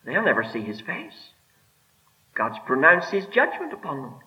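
A man preaching a sermon with emphatic delivery, rising and dropping, slowing right down to stress his words. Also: a little high, huge pitch swings. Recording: dull lo-fi sermon recording.

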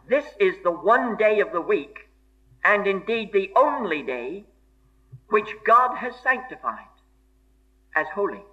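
A man's voice: high-pitched, pushed and bright. A man preaching a sermon in an earnest, emphatic way, repeating key phrases for stress. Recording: dull lo-fi sermon recording.

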